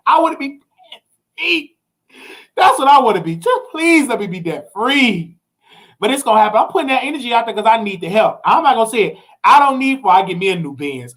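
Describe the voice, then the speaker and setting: Man livestreaming, casual chat to viewers, animated swings from squeals to low murmurs, slightly high voice. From United States. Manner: animated, swings between excited squeals and low somber storytelling. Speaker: livestream host. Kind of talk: casual live-stream talk to viewers.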